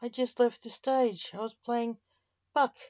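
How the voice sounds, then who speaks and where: Woman voicing sly necromancer man, showman, slow, slightly higher, lo-fi dry sound. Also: fairly even intonation, darkish tone, no echo, natural voice. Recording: dull lo-fi dry recording.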